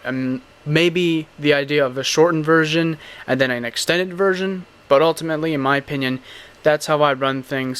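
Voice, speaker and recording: Young male podcast host, smooth clear voice, blunt and rambling. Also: mid-range voice, fairly bright tone. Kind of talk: casual podcast chat.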